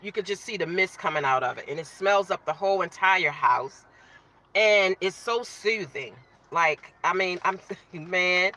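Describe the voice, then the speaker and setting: A woman's voice: lowish voice, moderate pace, sharp tone. A woman hosting a casual live stream, chatting with viewers, greeting them by name and talking while she eats.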